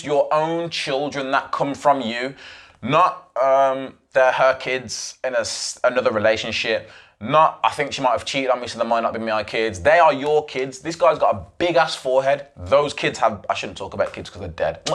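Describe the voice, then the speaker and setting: A man's voice: medium pitch, fairly bright tone. Young male podcast host, mid-range voice, emphatic rambling monologue. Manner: rambling, emphatic retelling with restarts and asides.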